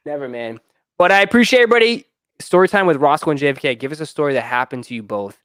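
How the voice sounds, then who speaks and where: A man's voice: a little high, racing, a bit bright, dry recording, clean studio sound. A man hosting a casual livestream chat, rambling with many restarts and fillers. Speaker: livestream host.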